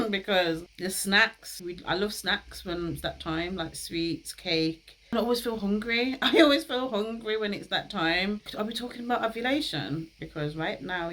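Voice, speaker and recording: A woman's voice: medium pitch, a bit bright, rough recording. A young woman, hosting a casual talk. She is chatty, laughs often and uses slang. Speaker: host.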